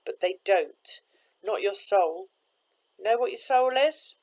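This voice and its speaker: A woman voicing a kindly boatman with a strange accent, speaking gently and reassuringly in a storybook reading. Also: medium pitch, lively intonation, takes it slowly, pitched above the performer's own voice, poor audio.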